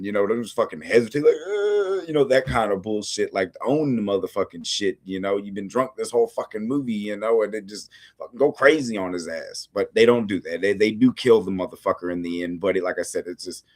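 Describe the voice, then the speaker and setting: A man from the United States with a lowish voice talks through films in a loose, rambling rant. He swears constantly and leans on fillers as he goes. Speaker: host of a film review series. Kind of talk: casual ranting film review.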